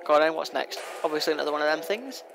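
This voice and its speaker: A young man narrates his game run in a high, light voice, rambling fast and teasing the enemy. The recording carries a steady hiss of background noise. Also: creaky. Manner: fast-talking, rambling, playfully taunting. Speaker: gameplay commentator. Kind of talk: casual let's play commentary. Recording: noisy home recording.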